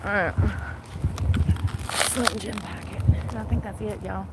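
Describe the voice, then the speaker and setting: A woman's voice: mid-range voice, steady tone, a little slow, pauses often, very noisy. A woman chatting casually to her viewers while picking up trash outside, blunt and self-mocking, swearing freely. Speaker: vlogger. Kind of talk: casual outdoor vlog chatter. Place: outdoors picking up roadside trash.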